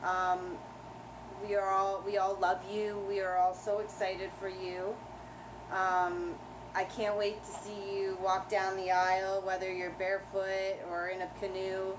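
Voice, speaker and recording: A woman's voice: medium pitch, monotone, measured pace, noisy background. A woman giving a friend a casual, hesitant congratulations message with many ums and restarts.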